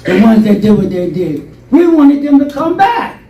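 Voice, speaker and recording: An older man telling stories in an interview, animated and rambling, acting out voices from his past. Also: extremely high pitch, normal speed, recorded from a distance, dull audio. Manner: rambling, animated storytelling with acted quotes. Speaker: interview guest. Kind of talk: storytelling interview. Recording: roomy, from off-mic.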